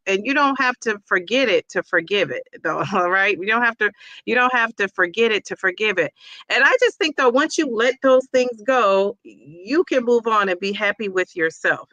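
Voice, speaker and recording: A bright, forward-voiced woman talks straight to her viewers in a casual, encouraging vlog. Her tone is upbeat and positive, and her thoughts come in quick bursts with restarts. The sound is dry and close, with no room around it. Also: mid-range voice, no room sound, muffled recording. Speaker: teacher and weight-loss vlogger.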